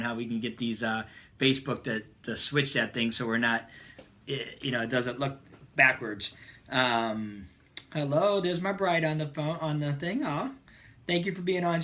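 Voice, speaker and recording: Guy doing a casual live stream, bright voice, hypes up everyone by name. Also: medium pitch. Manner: upbeat, greets viewers by name.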